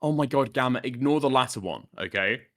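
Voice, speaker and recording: A man's voice: mid-range voice, lively intonation, brisk. A man arguing over a call, exasperated and sarcastic, swearing and trading insults. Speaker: debater on a call. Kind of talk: heated argument.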